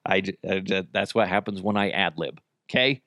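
A man's voice: low voice, steady tone, normal speed, pushed and bright, no echo, clean studio sound. A man hosting his own podcast in casual solo chat, crude and joking, often poking fun at himself. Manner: crude, joking, self-mocking. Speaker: podcast host.

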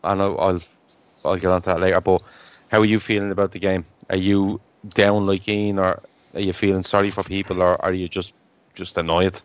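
A man's voice: low-pitched, flat delivery, a little fast, clear, resonant tone. A man hosting a casual football podcast with his mates, swearing freely and teasing the others. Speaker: podcast host. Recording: dull, dry lo-fi sound.

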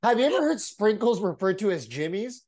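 A man co-hosting a podcast in casual banter, an animated, jokey storyteller who laughs often and acts out the voices of people he quotes. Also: high-pitched, fairly quick. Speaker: podcast co-host.

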